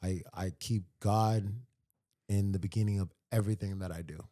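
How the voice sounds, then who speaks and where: A man's voice: low-pitched, steady tone, moderate pace, dark tone. A man as a podcast guest, talking sincerely and repeating phrases for emphasis. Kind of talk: casual podcast conversation.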